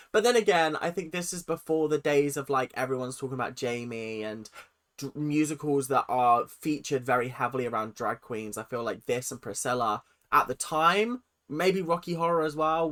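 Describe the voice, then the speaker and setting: Animated British reaction host, bright tone. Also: medium pitch. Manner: animated, dramatic ranting. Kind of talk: casual reaction commentary.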